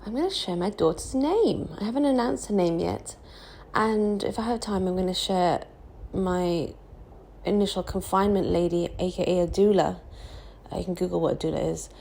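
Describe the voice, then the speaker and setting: Young woman, new mum vlogger, croaky and shattered from no sleep, gravelly low register, frank and rambling delivery. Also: moderate pace, a little mellow, slight background noise, poor audio. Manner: candid, rambling with fillers and restarts. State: hoarse, exhausted from no sleep. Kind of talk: casual confessional vlog.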